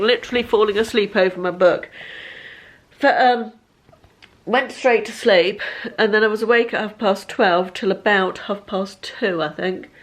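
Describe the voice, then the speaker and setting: Chatty woman in her fifties. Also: mid-range voice. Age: 50s. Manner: chatty, rambling, self-deprecating. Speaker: lifestyle vlogger. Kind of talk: casual vlog chat to camera. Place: at home. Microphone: handheld camera.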